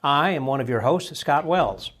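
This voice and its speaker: A man's voice: fairly high pitch, lively intonation, fairly bright tone. A man hosting a casual podcast, steering the talk and asking his co-hosts questions. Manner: moderating, asks questions, quick laughs. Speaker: podcast host. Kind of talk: casual chat.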